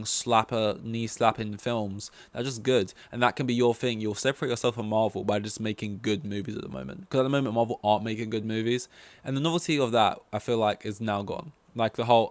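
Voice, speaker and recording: A man's voice: lowish voice, no echo. A man hosting a solo podcast, rambling casually through opinions with lots of fillers and swearing. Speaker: podcast host.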